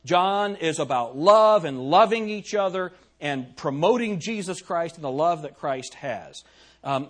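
Male pastor, sermon, somewhat high husky voice, emphatic, asks the room questions. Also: a bit bright. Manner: reads scripture in old-fashioned wording.

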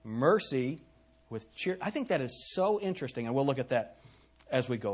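Male preacher, sermon, animated rise and fall, husky tone, emphatic, reads scripture. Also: medium pitch, moderate pace. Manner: emphatic, asks the congregation questions; reads scripture in old-fashioned wording. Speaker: pastor.

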